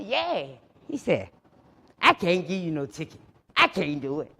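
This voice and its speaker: Middle-aged guy, high voice, telling funny stories in an echoey hall, does all the voices himself. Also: measured pace, creaky. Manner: animated storyteller acting out both sides of the dialogue; colloquial, laughing through his stories. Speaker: recovery speaker. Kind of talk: storytelling talk to a live audience.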